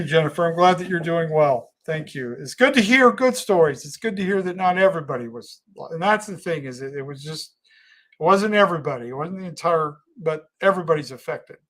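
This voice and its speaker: A man hosting a casual livestream, reading viewer comments aloud and talking in an earnest, halting way with frequent restarts. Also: on the high side, fairly bright tone. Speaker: livestream host.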